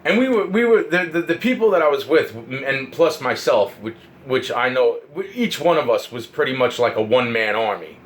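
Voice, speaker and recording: A man telling a rambling personal story, profane and excitable, often repeating himself and restarting. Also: mid-range voice, moderate pace, few pauses, poor audio.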